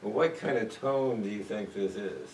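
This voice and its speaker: A man's voice: on the low side, expressive, normal speed, darkish tone. A man leading a church Bible study, talking conversationally and putting questions to the group. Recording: echoey room, mic far off, noisy.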